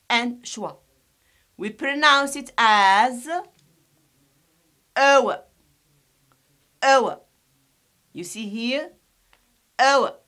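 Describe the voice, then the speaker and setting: A woman teaching an English pronunciation lesson, slowly and deliberately, repeating each sound for her students and explaining some points in Arabic. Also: a little high, pushed and bright. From Algeria.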